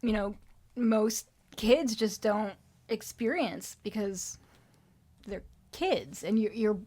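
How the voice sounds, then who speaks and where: A woman's voice: medium pitch, slow, darkish tone. A woman co-hosting a podcast in casual chat, reflective and chatty, laughing easily and using many fillers. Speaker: podcast co-host.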